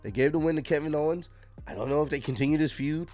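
A man's voice: fairly high pitch, quick pace, mellow. Laid-back man reviewing wrestling, faint music. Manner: laid-back, frank, many fillers and restarts. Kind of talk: casual solo review talk.

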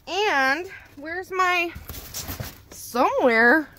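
High bright-voiced excitable woman vlogger. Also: very slow, a little hiss or hum. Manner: excitable, giggly, gushing. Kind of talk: casual vlog chat. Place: in a parked car at night, then indoors at a table.

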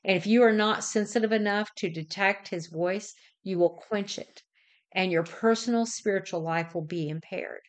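A middle-aged woman hosting a devotional, reading in a measured, deliberate way and sometimes correcting herself. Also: mid-range voice. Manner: measured, deliberate delivery with occasional self-corrections. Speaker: devotional host.

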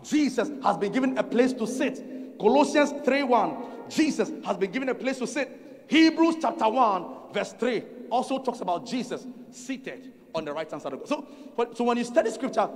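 A man's voice: extremely high pitch, big pitch swings, normal speed. A man with a Ghanaian accent preaching a sermon at a conference, driving points home by repeating them and calling for the congregation to respond. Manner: emphatic repetition and call-and-response with the congregation. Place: large conference hall. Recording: reverberant hall, faint music behind.

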